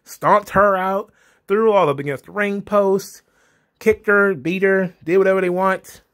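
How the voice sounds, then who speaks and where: A man's voice: sits high, fairly even intonation, unhurried, fairly bright tone. Exasperated man ranting a recap. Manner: exasperated, ranting, repetitive emphasis. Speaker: wrestling show reviewer. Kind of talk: casual recap commentary.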